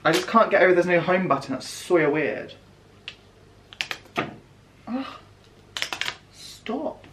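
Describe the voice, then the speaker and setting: A young man chatting through a casual unboxing vlog, excitable, gasping and often dropping to a whisper. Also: high voice, measured pace, background noise. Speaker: vlogger.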